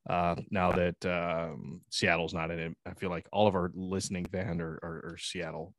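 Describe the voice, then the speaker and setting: A man's voice: low-pitched, little pitch movement, moderate pace, fairly bright tone, no room sound, clean studio sound. A man in his thirties co-hosting a podcast, telling a loose, profane family story with voiced quotes. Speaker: podcast co-host. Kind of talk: casual podcast chat.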